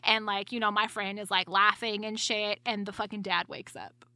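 Bright-voiced profane woman storyteller. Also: medium pitch, level tone, normal speed, no room sound. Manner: blunt, profane, laughs through her story. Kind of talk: casual storytelling chat.

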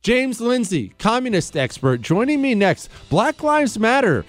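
A man's voice: very high voice, sing-song, a little slow, few pauses, soft background music. A man hosting a talk radio show, ranting sarcastically and slipping into mocking impressions. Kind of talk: opinionated talk radio monologue. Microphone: studio microphone.

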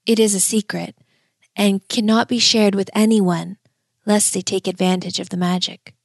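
A woman voicing a kindly, fatherly old male gardener who speaks in a gentle, confiding way in a storybook. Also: medium pitch, flat delivery, normal speed, creaky, dry recording, studio quality.

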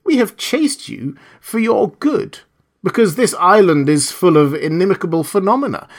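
A man doing a steady, persuasive mad scientist. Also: high voice, pitched above the performer's own voice. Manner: measured, persuasive.

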